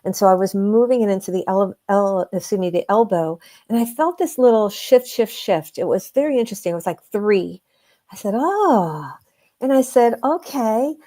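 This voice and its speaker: A woman with a mellow, warm voice talks through a client story in an unhurried way. She is earnest and emphatic, and she leans into key phrases as a healer explaining her work. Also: medium pitch. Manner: earnest, emphatic, slows down to stress points. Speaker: guest, energy healer. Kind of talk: conversational storytelling.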